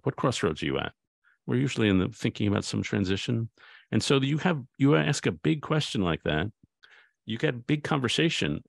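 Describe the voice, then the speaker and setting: A man with a very low, gravelly voice speaks as a guest author in a reflective conversation. He sounds thoughtful and tells stories, often restarting his sentences mid-thought. The recording is close and dry, with no room sound. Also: no echo. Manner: thoughtful, anecdotal, with frequent restarts.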